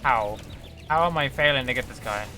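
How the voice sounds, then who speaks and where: A man giving casual, excitable commentary while he plays a video game, often exclaiming at it. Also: medium pitch, a little fast. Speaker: streamer. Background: game music.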